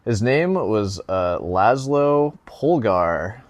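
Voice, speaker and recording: Low-voiced man rambling through a podcast. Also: expressive, normal speed, few pauses, no room sound. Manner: rambling, joking, many fillers and laughs. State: slightly out of breath. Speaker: podcast host and classical guitar teacher. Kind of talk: casual solo podcast reading comments.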